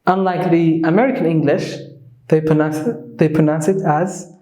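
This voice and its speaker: High-voiced man teaching English pronunciation. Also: fairly even intonation, mellow, reverberant, poor audio. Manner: switches between English and Somali, slows to model words. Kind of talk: bilingual language lesson.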